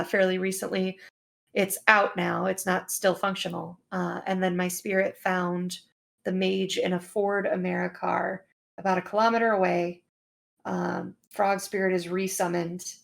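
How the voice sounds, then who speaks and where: A woman's voice: lowish voice, vocal fry. A woman playing a tabletop game, chatty and thinking aloud. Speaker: player.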